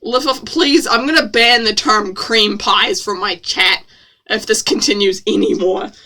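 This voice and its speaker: A young woman with a New Zealand accent, a streamer reading her own novel aloud with expressive, self-mocking asides. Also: medium pitch, a little slow. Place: home room.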